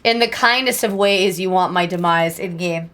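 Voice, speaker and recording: A young woman streaming live, chatting casually with viewers in a bubbly, self-deprecating way and breaking into squeaky exclamations. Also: normal speed, a bit bright.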